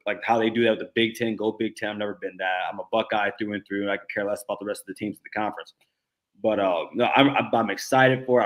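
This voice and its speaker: Thirties male co-host, lowish voice, halting football chatter full of restarts. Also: fairly bright tone. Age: 30s. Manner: halting, many stuttered restarts. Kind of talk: casual sports talk.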